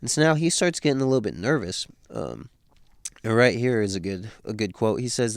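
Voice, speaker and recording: A man's voice: on the low side, expressive, a little fast, creaky, dry recording. A man casually recapping a novel in slangy, laid-back talk, with plenty of fillers. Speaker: book read-through host.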